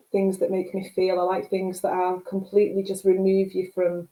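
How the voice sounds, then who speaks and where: A woman's voice: mid-range voice, dark tone. Gushing Mancunian woman, roomy echo. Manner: gushing, emotional, rambling. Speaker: book club host. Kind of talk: casual video chat.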